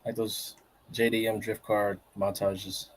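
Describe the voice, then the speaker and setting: A man co-hosting a music reaction stream, giving blunt, halting feedback in casual chat. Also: on the low side, level tone. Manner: blunt, hesitant restarts. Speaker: co-host reviewing listener tracks.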